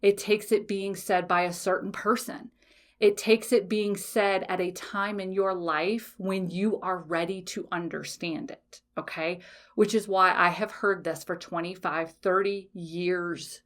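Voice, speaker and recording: Blunt woman doing a solo podcast, swears a lot, keeps asking "okay?", lively and punchy. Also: lowish voice, measured pace. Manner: frank, swears freely, keeps checking in with "okay?". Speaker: podcast host. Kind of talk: casual solo podcast talk.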